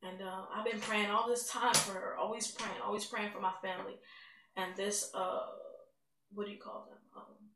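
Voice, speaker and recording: A woman's voice: mid-range voice, normal speed. Young woman giving a candid testimony. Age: teens. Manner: candid, rambling, grows excited. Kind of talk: personal testimony. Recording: echoey room, mic at a distance, faint noise.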